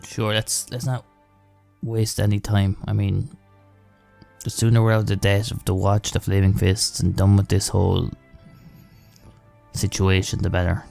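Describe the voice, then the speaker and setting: A man player speaking in character in a gruff, somewhat hesitant way. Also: lowish voice, completely flat delivery, a little slow, pauses often, a little mellow, soft background music.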